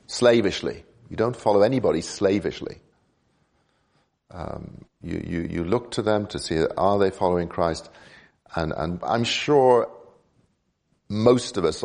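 A man with a fairly low voice delivers a sermon. He speaks in a measured way and often pauses on fillers and restarts his phrases. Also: darkish tone. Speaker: preacher.

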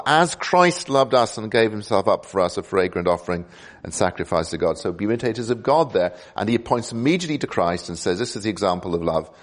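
A man with a fairly low voice delivers a sermon. He speaks in a measured way and often pauses on fillers and restarts his phrases. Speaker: preacher.

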